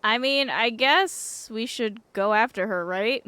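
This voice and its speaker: A woman's voice: fairly high pitch, measured pace, sharp tone, clear, resonant tone, dry recording. Woman streamer reading a game aloud. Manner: casual, reactive, laughs often. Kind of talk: reading a visual novel aloud.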